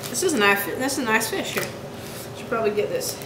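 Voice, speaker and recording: A woman's voice: a little high, expressive, fast. Chatty young woman vlogger. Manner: chatty, self-coaching while working. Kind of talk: casual how-to vlog. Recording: echoey room with background noise.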